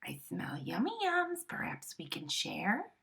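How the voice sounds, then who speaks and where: A woman's voice: a little high, huge pitch swings, a little slow, creaky, a bit bright, husky, heavily acted. A woman voicing a friendly male badger in a storybook read-aloud, talking in an eager whisper.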